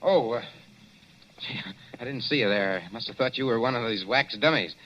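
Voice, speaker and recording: An actor playing a brash young newspaper reporter, brisk and questioning, in 1940s radio acting on a dull old broadcast. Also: male voice, mid-range voice, fairly bright tone, lightly acted. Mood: uneasy.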